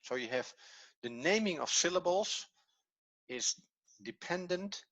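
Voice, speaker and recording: A man's voice: sits high, lively intonation, measured pace, a bit bright. A man with a Dutch accent, a native Dutch speaker teaching a language lesson in English, patiently repeating key words as he explains. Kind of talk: classroom lesson.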